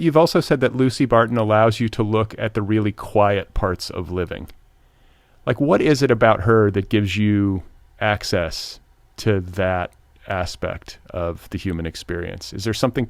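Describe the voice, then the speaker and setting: A man with a somewhat low voice hosting a literary podcast. He asks long, meandering questions, circling with fillers before landing. The recording is close and dry, with no room sound. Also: dry recording. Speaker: podcast host. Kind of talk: conversational interview questions.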